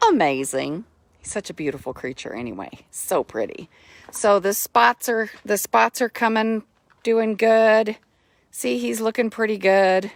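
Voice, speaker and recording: A woman giving a casual live video update about her horse, excitable and gushing, repeating herself, talking into a phone held close outdoors. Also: medium pitch, no room sound. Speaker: horse owner vlogger.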